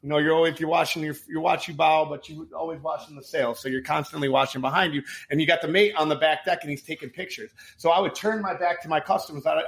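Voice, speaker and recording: A man co-hosting a podcast, telling stories in a profane, animated way. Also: on the high side, fast, hardly any pauses, husky. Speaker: podcast co-host. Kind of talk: casual chat.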